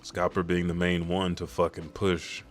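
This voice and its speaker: A man with a low, deep voice talks through a comic chapter panel by panel. His delivery is casual and energetic, full of swearing and sound effects. He sounds like a relaxed fan-channel host. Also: normal speed, faint music behind. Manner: loose, profane, energetic play-by-play. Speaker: YouTube manga recap host. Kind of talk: casual chapter recap narration.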